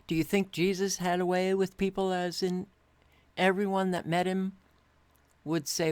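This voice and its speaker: A weary woman host talking alone to camera at her home computer, sighing often and speaking with deliberate care. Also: on the low side, little pitch movement, darkish tone, clear, resonant tone, no room sound. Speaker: channel host. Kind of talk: casual monologue to camera.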